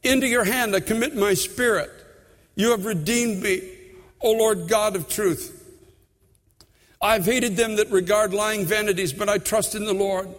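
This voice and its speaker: High-voiced fervent male preacher, reverberant hall. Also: steady tone, measured pace. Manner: fervent, repeats phrases, swings between hushed and loud. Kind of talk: sermon with personal testimony.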